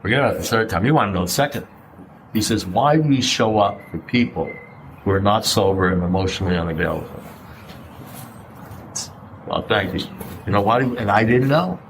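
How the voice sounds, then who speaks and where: A low-quality recording with a faint hiss captures a man sharing bluntly at a recovery meeting in a fairly low voice. He speaks briskly with lively intonation, pauses often, swears occasionally, and keeps firing rhetorical questions at the room.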